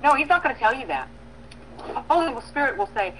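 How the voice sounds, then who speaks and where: A woman preaching a sermon, emphatic, with bursts of loud stress and soft pauses, acting out prayers and dialogue. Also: high-pitched, very animated, slight background noise, poor audio. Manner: acts out prayers and quoted dialogue.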